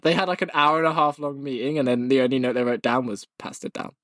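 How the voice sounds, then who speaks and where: A man's voice: medium pitch, fast, fairly bright tone, dry recording, studio quality. A young man co-hosting a podcast in casual chat, teasing and laughing often. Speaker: podcast co-host.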